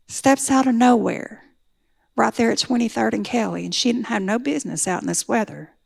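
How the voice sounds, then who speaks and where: A middle-aged woman with a highish, creaky voice talks fairly quickly as she gives testimony about her recovery. Her earnest telling mounts to pleading intensity.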